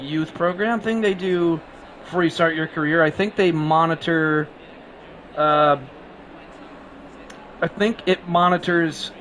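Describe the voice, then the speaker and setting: While streaming a racing game live, a man with a slightly high, fairly bright voice rambles in casual chat and laughs a lot. He sounds sleep-deprived, coughs now and then, and a bit of hiss or hum is audible.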